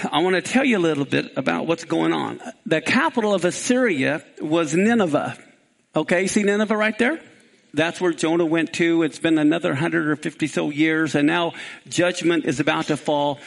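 Man, Kansas accent, Bible teacher, high voice with gravel, animated delivery of verses. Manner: animated, rising for emphasis on scripture.

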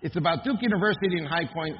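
A man's voice: a little high, expressive, racing, highs cut off, a little hiss or hum. Man lecturing in an echoing hall. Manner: emphatic, with rhetorical questions to the audience. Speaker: speaker. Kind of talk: impassioned lecture.

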